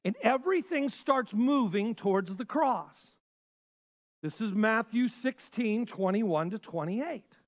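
High-voiced impassioned male pastor. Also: animated, slow. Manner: impassioned preaching, swinging from loud to hushed. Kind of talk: sermon.

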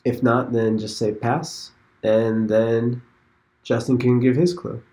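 A man's voice: mid-range voice, level tone, measured pace, a little mellow. A man hosting a casual online game session, thinking aloud and hesitating over his moves. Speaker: host. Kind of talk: casual commentary while playing an online game.

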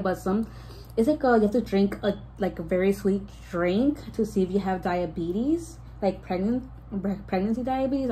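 A woman's voice: mid-range voice, warm tone, a little hiss or hum, rough recording. A pregnant young woman chatting casually to her viewers, rambling with lots of "like" and restarts and slipping Spanish words in. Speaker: vlogger. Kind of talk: casual storytime chat.

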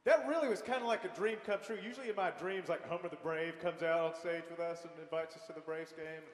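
A man's voice: fairly high pitch, fast talker. A man in a band tells rambling, good-humored stories to the audience between songs. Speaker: band member. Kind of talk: live stage banter. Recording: echoey live stadium.

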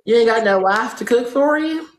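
A woman's voice: fairly high pitch, expressive, normal speed. Southern lady trolling a video chat, sassy and churchy-fake, talks in an echoey room w/ a bit of hiss. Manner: sassy, mock-pious, brash and profane. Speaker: prankster in random video chats. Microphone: video call. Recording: echoey room, faint noise.

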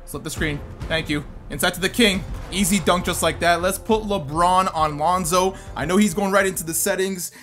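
A man giving lively commentary over his own basketball video game match, talking to himself and his viewers and breaking into sudden shouts. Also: sits high, moderate pace, few pauses, faint music behind. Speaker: gaming YouTuber. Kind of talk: live gameplay commentary.

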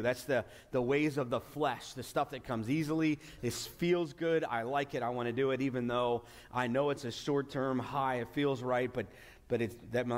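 A man preaching a sermon as pastor, earnest, often restarting and stretching out key words for emphasis. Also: medium pitch. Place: church sanctuary. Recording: long hall reverb.

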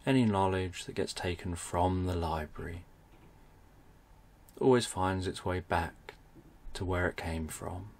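A man narrating a bedtime story for adults, speaking in a soft, soothing way. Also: sits low, a little slow, gravelly.

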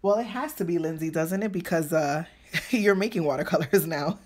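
A woman's voice: fairly low pitch, moderate pace, darkish tone. A woman chatting casually with live viewers while she paints, laughing easily and making self-deprecating asides. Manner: talks to viewers while working, trailing off between remarks. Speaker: painting tutor on a live stream.

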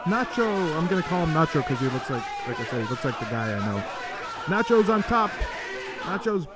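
A man giving casual live-stream commentary on fight videos, swearing freely, laughing often and breaking into excited shouts. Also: mid-range voice, quick pace, over a noisy crowd.

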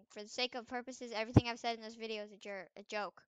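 A young woman giving casual commentary over a game she is playing, swinging between loud trash talk and quiet mumbled asides. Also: a little high, fairly even intonation, fast talker, hardly any pauses, smooth, no room sound. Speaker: gaming video creator.

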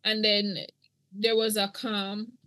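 A woman's voice: medium pitch, level tone, slow pace, bright, forceful tone, no echo. A middle-aged woman, earnestly telling her own story as a podcast guest. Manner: earnest, emotional, church-toned. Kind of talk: podcast interview testimony.

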